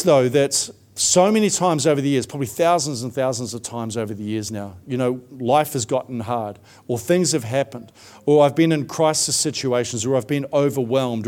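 A man's voice: medium pitch, a little mellow. A middle-aged man preaching a sermon, telling his own story in a conversational way with frequent fillers.

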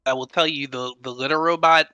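A man's voice: medium pitch, steady tone, a little fast, pushed and bright, clean tone, dry recording. A man co-hosting a casual podcast chat in an easygoing way, offering advice. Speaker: podcast co-host.

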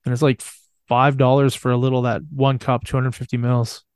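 A man's voice: medium pitch, little pitch movement, brisk, a little mellow, clear, resonant tone. An easygoing man with a mid-range voice who rambles through casual chat and often trails off mid-sentence. His voice is recorded close and dry, with no room echo.

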